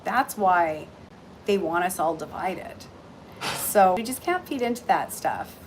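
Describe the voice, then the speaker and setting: A middle-aged Canadian woman chatting casually and warmly on a livestream, full of ums and restarts, about heartfelt topics. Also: on the low side, expressive, a little slow, slight background noise, rough recording. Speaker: intuitive reader and shop owner. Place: aboard a cruise ship. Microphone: phone livestream.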